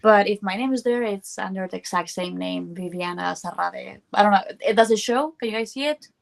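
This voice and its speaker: A woman, a former news reporter, guesting on a talk show over a video call, light and friendly and quick to laugh. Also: mid-range voice, creaky.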